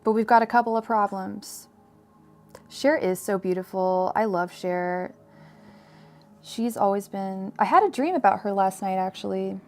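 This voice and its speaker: A woman's voice: mid-range voice, measured pace, soft background music. A woman reading tarot cards on a live stream, chatty and digressive, full of fillers and restarts. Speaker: tarot reader.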